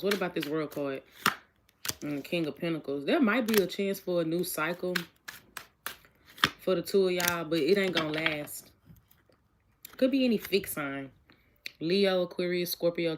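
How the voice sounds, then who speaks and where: There is background noise under this woman's somewhat low voice. She reads tarot casually for her viewers, talking to them directly in a chatty, repetitive way and asking each question aloud; she is an adult with a child.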